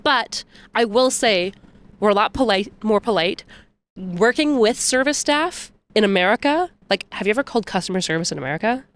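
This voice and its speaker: A woman's voice: medium pitch, brisk. Chatty Canadian woman pundit. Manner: chatty, animated storytelling with mimicked quotes. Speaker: podcast guest, political pundit. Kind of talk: casual podcast chat.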